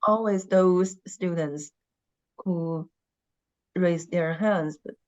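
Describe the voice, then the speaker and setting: A woman teaching an online language class, speaking slowly and patiently and having students repeat after her. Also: lowish voice, darkish tone, lo-fi sound. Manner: slow, patient, repeats words for students to echo.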